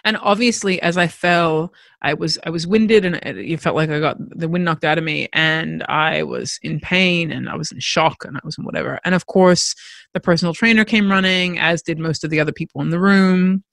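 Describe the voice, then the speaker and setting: Candid woman with a gravelly voice. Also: low-pitched, normal speed, fairly bright tone, no echo. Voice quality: creaky, gravelly texture. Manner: candid, reflective, with frequent restarts. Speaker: podcast host. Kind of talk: personal storytelling monologue.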